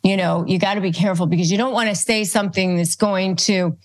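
A woman hosting an advice show, calmly teaching phrases and acting them out as examples. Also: medium pitch, fast. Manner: calm, instructive, demonstrates phrases aloud. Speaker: host. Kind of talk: advice talk to camera.

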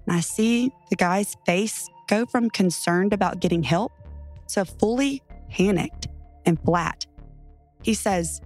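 A woman's voice: mid-range voice, slow, a little mellow, faint music behind. A woman reading a first-person true horror story aloud with tense, dramatic delivery. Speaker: story narrator.

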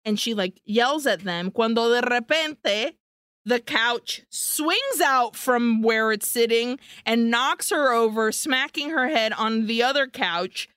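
A woman's voice: fairly high pitch, lively intonation, slow pace, a bit bright, clear, resonant tone, no room sound, clean studio sound. A woman co-hosting a podcast, casually recapping a film scene by scene and swearing freely. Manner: swears freely, breezy storytelling. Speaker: podcast co-host.

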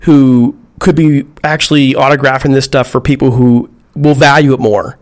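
A man co-hosting a sports podcast, talking in a thoughtful, slightly halting way. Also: medium pitch, fairly even intonation. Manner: thoughtful, a bit halting, restarts. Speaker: podcast co-host. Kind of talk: casual sports chat.

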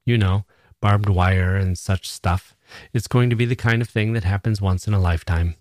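A man's voice: lowish voice, fairly even intonation, normal speed, darkish tone, dry recording, clean studio sound, natural voice. A man reading as a breezy young soldier. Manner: light, joking, offhand. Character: breezy young male soldier, cheerful and joking.

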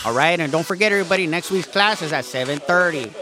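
A laid-back cholo fitness coach, put on by a man, with a voice that sits a little high for a man, drawling slang and stretching out "homie" again and again. Music plays loudly behind him. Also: natural voice. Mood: pep talk. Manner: laid-back slang-heavy street patter, drawn-out "homie". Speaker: fitness instructor.

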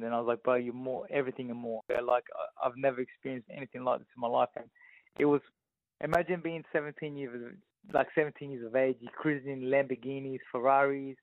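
An Australian boxer in his thirties, a guest in a casual interview, tells stories fast at a medium pitch with little pitch movement, often saying "you know what I mean." The sound is dry and tinny like a phone, with no room sound.

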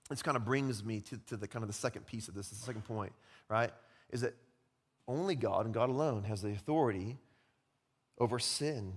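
A young adult male pastor preaching a sermon, animated, acting out quoted voices and dropping to quiet emphasis. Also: mid-range voice. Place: church sanctuary. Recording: long hall reverb.

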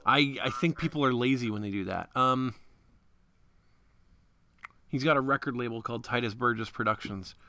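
A man's voice: mid-range voice, moderate pace, long pauses, bright, forceful tone, slight background noise. A young man co-hosting a podcast in a rambling, jokey casual chat, laughing often. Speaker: podcast co-host.

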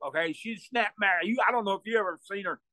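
This man speaks fast in a high-pitched voice, rambling through a casual story with repetition and laughter. As a storyteller guest, he loudly acts out the voices he quotes, with no echo present.

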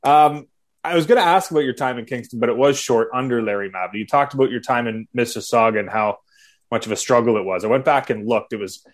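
A man hosting a podcast, asking relaxed, well-prepared questions in a casual interview. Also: medium pitch, fast talker. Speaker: podcast host.

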